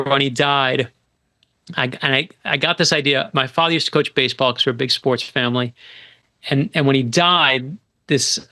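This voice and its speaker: A middle-aged man from New York, a guest author telling a story on a podcast in an animated, emphatic way, often restarting his sentences. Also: medium pitch, creaky.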